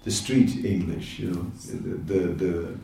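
A man giving an informal spiritual lecture, talking in a conversational, halting way with many fillers and laughing asides. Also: low voice, gravelly, dark tone, recorded from a distance. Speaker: spiritual teacher. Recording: echoey room, voice from off-mic.

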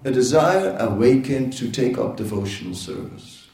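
A man giving an informal spiritual lecture, talking in a conversational, halting way with many fillers and laughing asides. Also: mid-range voice, expressive, darkish tone, recorded from a distance. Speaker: spiritual teacher. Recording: echoey room, voice from off-mic.

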